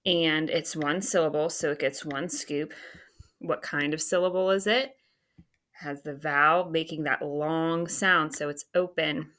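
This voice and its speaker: Her voice sits low and a bit bright, unhurried, with fairly even intonation, as this teacher goes over a phonics worksheet. She writes on a screen, talking to herself and patiently spelling each word out letter by letter.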